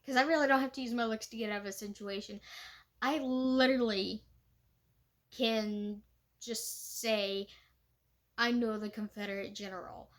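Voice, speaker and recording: A woman's voice: fairly high pitch, a little slow, pauses often. A young woman reenactor talking in a casual, chatty way, with many fillers and laughs. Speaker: living history reenactor. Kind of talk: casual vlog talk.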